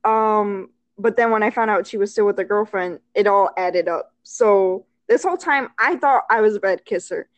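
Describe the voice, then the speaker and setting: A woman's voice: mid-range voice, moderate pace, few pauses, no room sound. A woman telling a personal story in casual chat, rambling with many fillers and laughing often as she acts out what was said.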